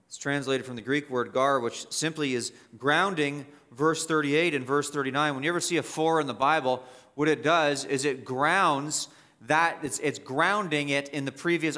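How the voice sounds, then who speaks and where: A man's voice: on the high side, pushed and bright. A male pastor preaching an expository sermon, emphatic and repetitive, rising sharply to stress key points.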